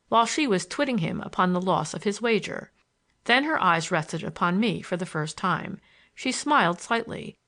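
A woman reading a first-person novel aloud in a measured, even storytelling manner. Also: mid-range voice. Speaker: audiobook reader.

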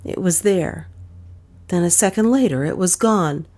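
A woman reading a mystery novel aloud in measured, dramatic narration. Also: lowish voice, darkish tone. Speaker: audiobook narrator.

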